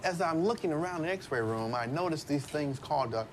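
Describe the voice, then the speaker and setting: A man's voice: a little high, lively intonation, brisk, noisy background. A middle-aged American man, a father on a documentary, chatting flirtily and with showy self-satisfaction. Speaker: father on a family-swap documentary. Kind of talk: playful chat on camera.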